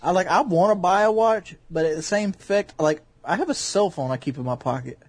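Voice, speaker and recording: Dude on a podcast rambling and cussing, kinda high voice, dry sound. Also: male voice, fairly quick, a little mellow, dry recording. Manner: rambling, profane storytelling. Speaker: podcast guest. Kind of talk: casual podcast banter.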